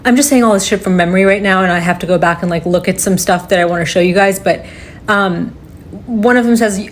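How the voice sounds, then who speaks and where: A woman giving unscripted reaction commentary, agitated and swearing, shaken and halting as she talks. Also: medium pitch, slight background noise. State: shaking with upset. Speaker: reaction video creator.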